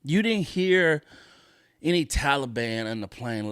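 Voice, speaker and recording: A man's voice: medium pitch, lively intonation, unhurried, fairly bright tone, clear, resonant tone, dry recording, clean studio sound. Profane, indignant man hosting a podcast. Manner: profane, indignant, repeats his points for emphasis. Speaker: podcast host. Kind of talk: solo podcast rant.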